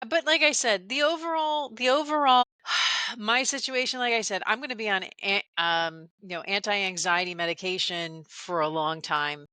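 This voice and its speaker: A woman's voice: mid-range voice, moderate pace, pushed and bright, clean tone, no room sound. A middle-aged woman co-hosting a podcast, talking candidly in casual chat with stammering restarts. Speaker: podcast co-host.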